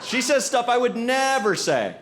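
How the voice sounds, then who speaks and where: A man performing a stand-up set, telling animated stories and acting out other people's voices on a handheld stage mic. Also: very high-pitched, moderate pace. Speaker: stand-up comedian. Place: comedy stage with audience. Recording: live show with audible background noise.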